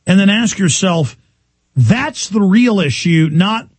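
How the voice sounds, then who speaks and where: A man hosting a talk radio show, ranting loudly and combatively with sarcasm. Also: medium pitch, expressive, normal speed, gravelly, slightly rough, dry recording.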